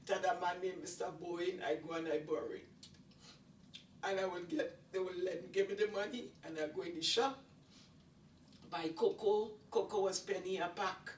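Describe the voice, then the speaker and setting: A woman's voice: fairly low pitch, fairly even intonation, normal speed, far from the mic. An older woman tells her personal testimony, earnest and emphatic, repeating phrases for weight. She sits some way back from the mic in an echoey room, with a faint hiss of noise behind her. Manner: earnest, repetitive, emphatic retelling. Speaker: testimony speaker.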